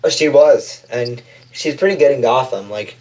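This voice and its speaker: A man's voice: mid-range voice, normal speed, a little mellow, highs cut off. A man co-hosting a casual chat show, rambling and heavy on filler words. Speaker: podcast co-host.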